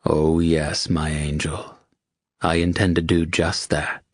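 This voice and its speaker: A man playing a commanding, possessive lover in an audiobook, with a low, controlled murmur. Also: level tone, slow pace, no echo, studio quality, full character voice. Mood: seductive.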